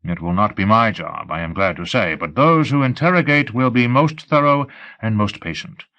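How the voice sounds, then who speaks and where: A man reading an audiobook, voicing a sad, patient foreign police officer who speaks formally and gravely. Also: on the low side, sharp tone, muffled recording. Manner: measured, formal, sorrowful.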